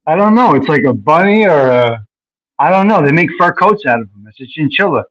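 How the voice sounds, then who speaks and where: A man calling in to a livestream, talking loudly and excitably and laughing often. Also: fairly high pitch, brisk, no room sound. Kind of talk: casual livestream chat. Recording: dull lo-fi call audio.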